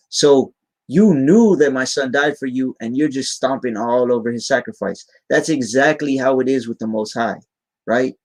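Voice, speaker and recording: A man's voice: mid-range voice, darkish tone. Casual preaching man, "right?" after every line. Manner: tags lines with "right?", casual and earnest; reads scripture aloud in a slower voice. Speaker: live stream preacher. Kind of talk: informal live-stream preaching.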